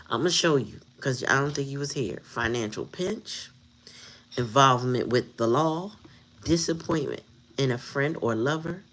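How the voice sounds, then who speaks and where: Low-voiced blunt woman reading tarot. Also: normal speed, fairly bright tone. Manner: blunt, profane, laughs often. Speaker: tarot reader.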